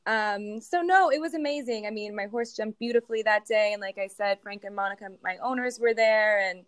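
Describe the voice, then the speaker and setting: A woman's voice: medium pitch, a little fast, dry recording. Young woman, chatty and giggly, lots of ums, dry close sound. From United States. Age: young adult. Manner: hesitant, many fillers and giggles. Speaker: guest, show jumping rider. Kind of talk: casual interview answers.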